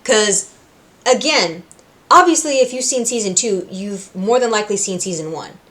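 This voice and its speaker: A woman from Puerto Rico hosting a reaction video, recapping scenes with animated storytelling and acting out the characters' lines. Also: medium pitch, moderate pace. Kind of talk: casual recap and commentary.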